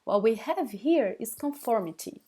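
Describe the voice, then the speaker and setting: A woman with a Brazilian accent, a native Portuguese speaker, teaching a live online language lesson in English, halting and full of fillers, checking in with viewers often. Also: a little high, animated, warm tone, slightly rough. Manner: slow, halting, many fillers and restarts; addresses viewers as guys, checks with okay.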